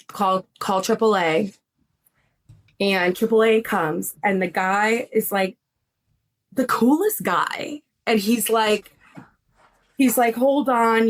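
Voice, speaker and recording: A young woman telling a story to her podcast host in a lively, casual way. She laughs often and slips into other people's voices as she tells it. Her voice sits at a middle pitch. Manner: animated, laughing, acts out voices. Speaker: psychic medium, podcast guest.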